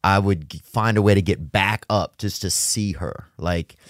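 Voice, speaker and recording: Low-voiced man talking haltingly. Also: no echo, clean studio sound. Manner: halting, earnest, heavy use of "like". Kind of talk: casual conversation.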